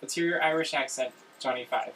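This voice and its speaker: A man's voice: medium pitch, a little fast, sharp tone. A man hosting a casual group chat, upbeat and laughing as he prompts the others. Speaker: host. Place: room with several people, screens and a camera. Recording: distant room mic with faint noise.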